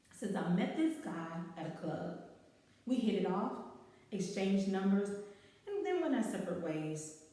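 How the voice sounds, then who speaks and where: A woman's voice: mid-range voice, warm tone, very echoey, in a large hall, far from the mic. A woman hosting a talk show, chatting casually, laughing and repeating lines for emphasis as she reads out listener stories.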